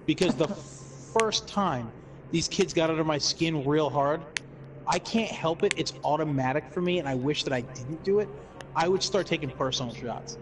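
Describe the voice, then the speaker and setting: A man's voice: a little high, normal speed. A man chatting casually while gaming, reacting and laughing along. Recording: noisy background.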